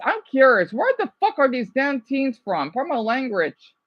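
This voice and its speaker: A man's voice: extremely high pitch, wildly swooping pitch, moderate pace, a bit bright, muffled recording. A man from Arizona reacting to a news clip, ranting heatedly with lots of swearing and rambling asides. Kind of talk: profane reaction rant.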